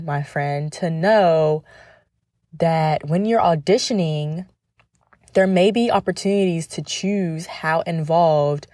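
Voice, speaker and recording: Woman doing a chatty podcast monologue, talks right to you, lowish voice, dry sound. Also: warm tone, no room sound. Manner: chatty, addressing the listener directly. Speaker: podcast host and former professional cheerleader.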